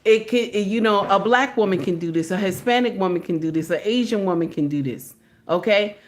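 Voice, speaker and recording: A woman's voice: mid-range voice, a little fast. Female reaction commentator, emphatic and repetitive, mid-range voice. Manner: emphatic, repeats points, says "okay?" and "baby".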